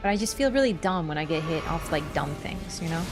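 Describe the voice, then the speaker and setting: A young woman with a Canadian accent talks through a video game run and chats with her viewers as she goes. Her voice rises and falls in an animated way. Game music plays behind her. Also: low-pitched, fast talker. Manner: chatty, answers chat between fights. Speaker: streamer. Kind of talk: live game commentary.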